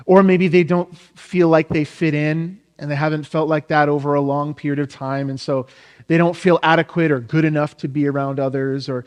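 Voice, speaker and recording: A man's voice: on the high side, long reverb tail. A man in his thirties, a pastor giving an informal, rambling sermon with frequent restarts.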